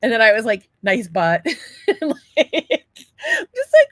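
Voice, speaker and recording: A woman's voice: high-pitched, wildly swooping pitch, takes it slowly, dry recording. A middle-aged woman from the United States co-hosting a casual podcast chat, blunt, swearing freely and laughing often. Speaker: podcast co-host.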